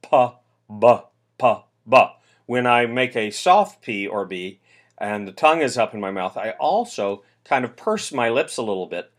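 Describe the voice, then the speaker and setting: An American man teaching singers diction, speaking in a relaxed way with fillers and demonstrating consonant sounds aloud. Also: mid-range voice, normal speed. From United States. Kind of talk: explaining singing diction.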